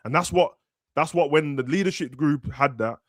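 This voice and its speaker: A young man with a slightly high voice chats about football in quick slang, often jumping into raised voices to play footballers. The sound is close and dry. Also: no room sound. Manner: animated, slangy, acts out players in raised voices. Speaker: football podcast host. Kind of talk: casual football chat.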